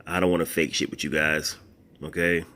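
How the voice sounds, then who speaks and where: A man's voice: rumbling low, flat delivery, fairly quick, pushed and bright. A middle-aged man vlogging casually to camera, swearing and laughing in disbelief while annoyed. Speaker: YouTube host unboxing a purchase.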